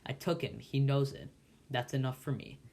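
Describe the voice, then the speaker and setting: A man reading aloud as a rough-spoken escaped convict, desperate and defiant, spitting scorn at his enemy. The voice sits at an ordinary middle pitch and is delivered in storybook style. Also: moderate pace, a little mellow, lightly acted. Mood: fierce scorn. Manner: fierce, scornful.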